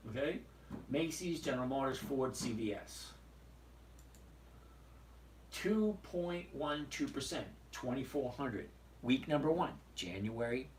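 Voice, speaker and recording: Speaking slowly and pausing often, a man with an expressive, medium-pitched voice hosts a live trading stream. He reads viewer questions aloud and bluntly walks through the numbers on his screen in casual chat, with a little hiss or hum audible.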